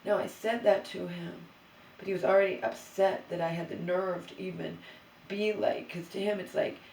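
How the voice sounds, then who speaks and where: A woman pours out a rambling, exasperated vent to her camera, stopping and restarting as she goes. Her mid-pitched voice carries a gravelly edge. It bounces around a bare, empty room, and she sits some distance from the mic. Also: steady tone, normal speed, darkish tone, a little hiss or hum. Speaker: vlogger. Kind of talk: emotional monologue to camera. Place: empty new bedroom, indoors. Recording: roomy echo, voice away from the mic.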